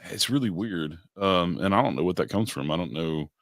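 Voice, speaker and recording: A man co-hosting a podcast, telling stories in unhurried casual chat with many fillers. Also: deep voice, lively intonation, no echo, clean studio sound. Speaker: podcast co-host.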